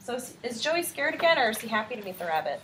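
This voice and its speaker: A woman teacher reads a picture book aloud to young children, her voice pitched a little high and animated as she stops to quiz the class. The classroom recording carries a steady wash of background noise. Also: fast talker. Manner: animated read-aloud voice, asking children questions.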